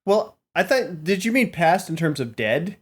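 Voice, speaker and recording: A man's voice: sits high, sing-song, normal speed, husky. A man co-hosting a comedy podcast, telling a story in a rambling way full of fillers. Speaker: podcast co-host. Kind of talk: casual comedic chat.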